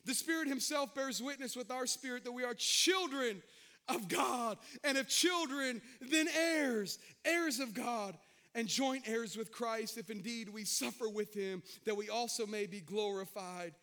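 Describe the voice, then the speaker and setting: A man preaching a sermon, animated, calling out to the congregation and slipping into folksy, joking asides. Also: very high voice, a little slow. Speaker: pastor.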